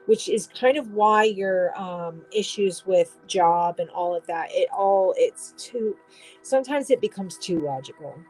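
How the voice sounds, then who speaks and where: A woman's voice: on the low side, a little mellow, poor audio. A woman giving a casual tarot reading, rambling and restarting, swearing now and then. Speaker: tarot reader.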